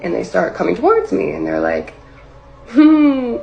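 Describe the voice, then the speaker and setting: A woman recounts a story in a relaxed, rambling livestream style, filling her sentences with "like" and replaying what she said back then. Her voice sits a little low and has a gravelly fry. Faint music plays behind her. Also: a little fast, lo-fi sound. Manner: rambling, heavy use of filler "like", acts out her own past lines. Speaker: singer telling a personal story.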